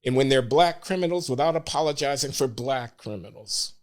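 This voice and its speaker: An older man as a podcast guest, speaking earnestly and in measured terms. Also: mid-range voice. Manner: earnest, measured, grows emotional. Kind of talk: casual podcast interview.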